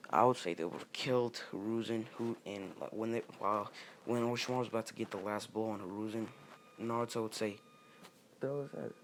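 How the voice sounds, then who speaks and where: A young man improvising a fan fiction story in a rambling, halting way with many restarts. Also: fairly low pitch, fairly even intonation, slight background noise.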